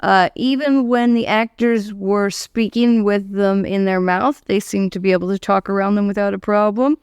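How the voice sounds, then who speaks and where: A woman's voice: mid-range voice, fairly even intonation, moderate pace, smooth, no room sound, studio quality. A woman guesting on a podcast, chatting casually about an old horror film and laughing as she talks. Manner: chatty, laughs while talking.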